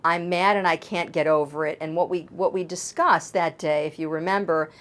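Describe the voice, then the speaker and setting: A woman with a fairly low voice, speaking as a life coach on a television talk show. She talks earnestly and works through everyday examples to make her point. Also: fairly even intonation, normal speed, fairly bright tone. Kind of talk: advice talk.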